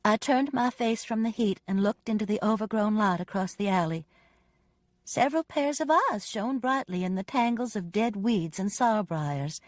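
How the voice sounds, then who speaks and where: A woman narrating a first-person audiobook with expressive, dramatic storytelling. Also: medium pitch, normal speed, vocal fry, no room sound, studio quality.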